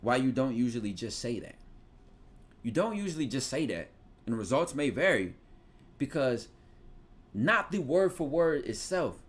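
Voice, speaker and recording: A man's voice: mid-range voice, moderate pace, pauses often. A man with a Philadelphia accent giving casual advice in loose, slangy talk with swearing. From Philadelphia, USA. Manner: loose, slangy, profane, animated storytelling. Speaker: podcast host giving advice.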